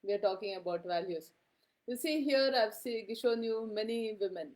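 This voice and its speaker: A woman's voice: medium pitch, normal speed, a little mellow. Woman lecturing, chatty and checking in. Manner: conversational, frequent "okay?" checks and fillers. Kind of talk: classroom lecture.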